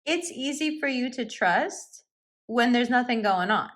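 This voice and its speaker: A woman doing a tarot reading, taking her time over each phrase. Her manner is intimate and reassuring. She laughs easily and now and then slips into a hushed whisper. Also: on the high side, animated, measured pace. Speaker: tarot reader.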